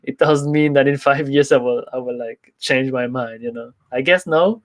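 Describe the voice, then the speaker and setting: A man's voice: medium pitch, normal speed. Swiss man chatting on a stream. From Switzerland. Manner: candid, rambling, frequent restarts. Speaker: fitness coach. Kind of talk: livestream Q&A chat.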